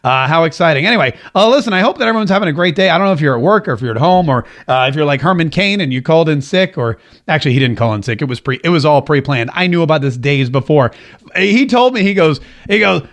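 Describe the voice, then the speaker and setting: Animated jokey male talk show host. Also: on the high side, quick pace. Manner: animated, jokey, does voices when quoting people. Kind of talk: casual talk show monologue.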